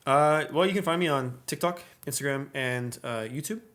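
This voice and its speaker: A man's voice: medium pitch, normal speed, a bit bright. A young man as a podcast guest, talking in a candid, casual way with lots of swearing and fillers. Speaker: podcast guest, content creator.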